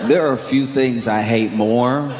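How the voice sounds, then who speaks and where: A male stand-up comedian telling a story in an animated, incredulous way. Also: mid-range voice, unhurried. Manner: animated, incredulous, exaggerated retelling. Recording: echoey hall with background noise.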